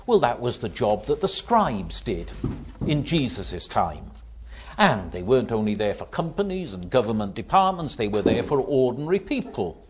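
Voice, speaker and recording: A man delivers a sermon at an unhurried pace, his pitch rising and falling with real animation. His voice has a husky edge, and he explains things patiently, throwing in rhetorical questions along the way. The recording sounds dull and lo-fi. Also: a little mellow. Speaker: preacher.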